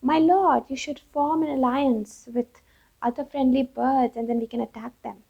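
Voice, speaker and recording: A woman's voice: high-pitched, fairly even intonation, normal speed, gravelly, husky, full character voice. A woman voicing an eager male crow minister who addresses his king respectfully. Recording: dull lo-fi recording.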